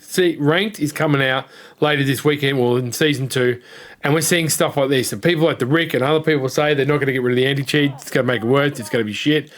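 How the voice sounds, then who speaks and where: A man with a voice pitched a touch high gives casual gaming commentary. He rambles through a story with blunt opinions and the odd swear word. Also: a bit bright. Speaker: gaming content creator.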